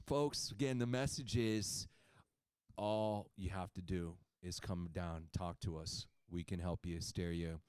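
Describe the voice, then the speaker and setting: Low, smooth-voiced man pitching enthusiastically. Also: darkish tone, no echo. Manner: upbeat and persuasive, checks in with "okay?" and "right?". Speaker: clinic presenter pitching a supplement. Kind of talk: sales presentation with anecdote. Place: clinic.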